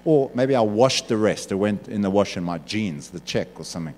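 A preacher doing a mumbling, sheepish broke lottery winner. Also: male voice, fairly low pitch, animated, a little fast, darkish tone, slight background noise, voice pushed down, close to an everyday voice. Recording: echoey hall.

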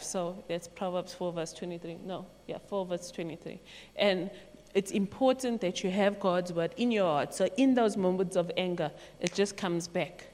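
Chatty woman speaking in a reverberant hall. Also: lowish voice. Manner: chatty, animated, acts out quotes and laughs. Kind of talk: casual youth talk on faith. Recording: long echo in a large hall.

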